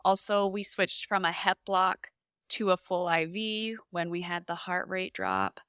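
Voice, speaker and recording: Woman, young adult, podcast guest; crisp, bright tone; emotional, lively storyteller, dry close sound. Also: lowish voice, a little slow, no echo. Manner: animated, emotional retelling with lively reenacted quotes. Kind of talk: personal storytelling in a podcast interview.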